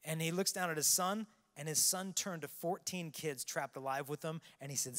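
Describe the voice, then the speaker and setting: A man's voice: on the high side, fairly even intonation, normal speed, hardly any pauses. Earnest male preacher in a reverberant arena. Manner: earnest storytelling, swings between hushed and loud. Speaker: youth conference keynote speaker. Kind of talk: preaching to a large youth audience. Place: large arena with long reverb. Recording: long hall reverb.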